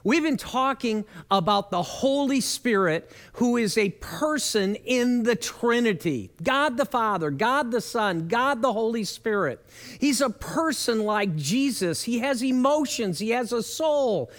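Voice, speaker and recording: High-voiced earnest pastor. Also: male voice, unhurried. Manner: earnest storytelling with lively shifts in pitch. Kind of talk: sermon.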